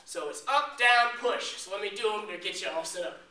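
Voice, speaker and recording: A man working as a fitness trainer, demonstrating a workout in an energetic coaching way with jokes. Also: high-pitched, brisk. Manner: energetic, joking coach talk while exercising. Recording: echoey room, distant mic, faint noise.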